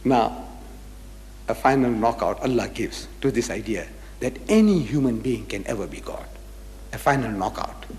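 A man with a medium-pitched voice gives a live public lecture in a large hall. Emphatic throughout, he throws rhetorical questions at the audience, spells words out and leads chanted phrases.

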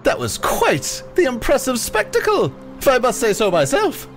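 A tiny male fairy acrobat struts through every line, high and shrill, his pitch leaping wildly as he brags. Bombastic and quick to take offense, he treats every remark as an audience. A dash of faint background music sits under his tabletop game scene. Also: huge pitch swings, heavily acted. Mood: boastful. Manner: bombastic, showy, easily offended.

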